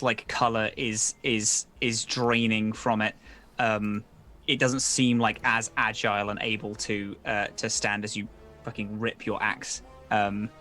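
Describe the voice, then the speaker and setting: Bright-voiced male game master. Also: lowish voice. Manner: casual, swears often, many ums. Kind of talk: narrating a tabletop game.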